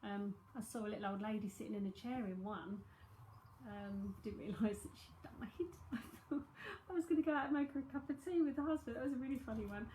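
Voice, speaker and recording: A woman with a London accent talks her way through a psychic reading, rambling and thinking aloud as she goes. Her voice sits a little high, and the room around her rings with a noticeable echo. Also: fast, dark tone, a little hiss or hum. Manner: chatty, rambling, thinking aloud with many fillers. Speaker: psychic medium. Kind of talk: live-streamed reading, casual chat.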